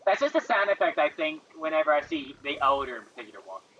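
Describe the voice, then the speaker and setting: A woman's voice: low voice, sing-song, quick pace, fairly bright tone, muffled recording. A woman casually commenting on a video game as she plays, rambling and chatty. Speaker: let's play commentator.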